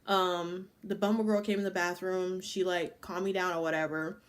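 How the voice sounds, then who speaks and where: A woman's voice: lowish voice, little pitch movement, normal speed. Profane, rambling young woman telling a story. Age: 20s. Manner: casual, profane, full of "like" fillers. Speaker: vlogger. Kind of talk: casual storytime.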